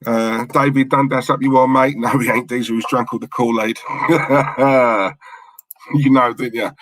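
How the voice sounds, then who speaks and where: A man's voice: mid-range voice, level tone, fairly quick, a bit bright, no room sound, poor audio. A man hosting a live football watchalong, chatting with viewers and reading out team lineups in a casual, bantering way. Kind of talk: casual live-stream chat.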